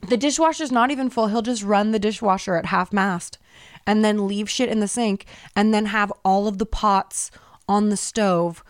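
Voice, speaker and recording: A woman's voice: mid-range voice, moderate pace, clean tone, dry recording, studio quality. A woman in her thirties hosting a podcast, telling a story in a casual, exasperated and profane way. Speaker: podcast host.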